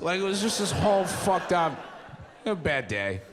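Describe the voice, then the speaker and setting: A young man works a stand-up crowd in a slightly raised voice. His delivery is loose and mumbly, with pitch that swings widely whenever he acts out a line. A faint background hum sits under the stage mic. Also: very animated, moderate pace, a bit bright. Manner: loose, mumbly storytelling with acted-out quotes. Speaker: stand-up comedian. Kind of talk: stand-up comedy set. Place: theater stage with a live audience.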